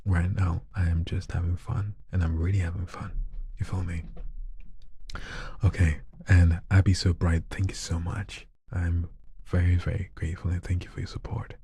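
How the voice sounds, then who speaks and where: A man chatting casually on a live stream, soft-spoken and shy, often slipping into whispers. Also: low voice, flat delivery, moderate pace, a little hiss or hum. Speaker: live streamer and hobby voice artist.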